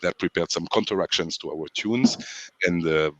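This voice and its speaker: A man from France, a guest in a casual interview, telling long stories in a relaxed way with many fillers and small laughs. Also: low voice, moderate pace, lo-fi sound. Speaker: guest, sound system selector.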